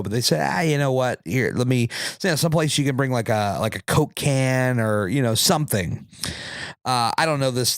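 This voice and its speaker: In a clean, dry studio recording, a man with a mid-range voice hosts a podcast and spins a casual story, wandering through it with fillers and side remarks to the audience.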